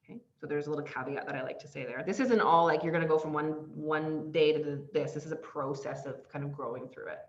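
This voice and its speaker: Animated woman coach, lo-fi audio. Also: low voice, fast talker, hardly any pauses. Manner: animated, acts out quoted phrases, laughs often. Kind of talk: online masterclass teaching. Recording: slightly dull lo-fi audio.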